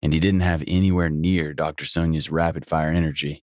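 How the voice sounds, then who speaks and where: A man narrating a romance audiobook in the first person with a measured, even reading. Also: extremely low pitch, no echo, studio quality.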